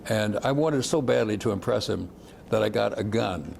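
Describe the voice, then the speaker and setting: An older civil rights veteran reminisces fondly over old photos, often chuckling and trailing off as he rambles. His fairly low voice is gravelly and darkish, at a moderate pace, with slight background noise.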